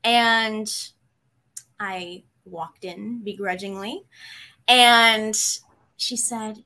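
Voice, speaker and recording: A woman, a psychotherapist, telling a personal story in an interview, hesitant with many pauses, candid and emotional. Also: mid-range voice, fairly even intonation, sharp tone.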